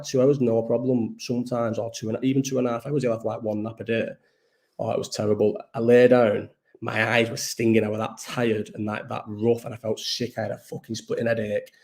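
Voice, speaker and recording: A man's voice: fairly low pitch, darkish tone. Tired, swearing man. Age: 30s. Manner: rambling, swears a lot, restarts and trails off. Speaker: live chat host. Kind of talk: casual chat.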